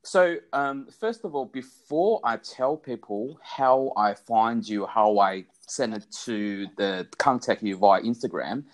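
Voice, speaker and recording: A man in his forties hosting a podcast, excitable, laughing often and restarting his phrasing as he chats over a phone line. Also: lowish voice, slow, hardly any pauses. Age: 40s. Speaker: podcast host. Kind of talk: casual interview chat. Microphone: phone call.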